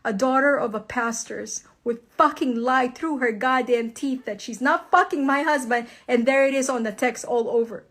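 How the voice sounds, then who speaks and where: Woman, high-pitched, crying, angry, profane, emotional monologue. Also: moderate pace, few pauses, fairly bright tone. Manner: angry, profane, tearful outbursts. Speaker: vlogger recounting her marriage breakdown. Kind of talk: emotional direct-to-camera monologue.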